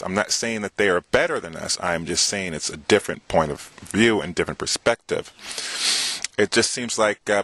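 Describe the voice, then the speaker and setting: Deep-voiced American man in his forties. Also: fairly bright tone, dry recording. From United States. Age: 40s. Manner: slow, hesitant, many fillers. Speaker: vlogger. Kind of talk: casual monologue to camera. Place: abroad.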